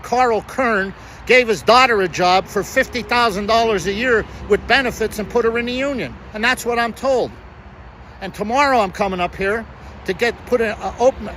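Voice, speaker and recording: Agitated high-voiced man ranting outdoors. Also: a bit bright, slight background noise, low-quality recording. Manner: agitated, repetitive, rambling. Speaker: citizen reporter. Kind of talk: angry vlog rant.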